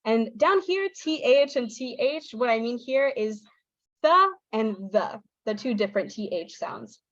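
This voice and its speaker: A woman presenting a pronunciation lesson online, explaining sounds clearly and acting out her students' replies. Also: fairly high pitch, expressive, moderate pace, a little mellow, no echo, dull audio. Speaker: teacher trainer. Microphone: video call.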